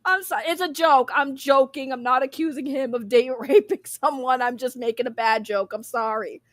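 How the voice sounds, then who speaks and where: Woman on a livestream, high voice, giggles a lot, swears, super dry close sound. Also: moderate pace, no room sound. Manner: laughing often, rambling, blunt and profane. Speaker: livestream commentary host. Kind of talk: casual livestream commentary.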